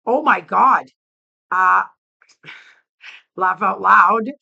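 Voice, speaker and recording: Fired-up woman ranting, bright voice. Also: mid-range voice, extremely slow, vocal fry, long pauses, husky, dull audio. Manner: heated, blunt, swears often. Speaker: vlogger. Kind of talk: angry opinion rant to camera.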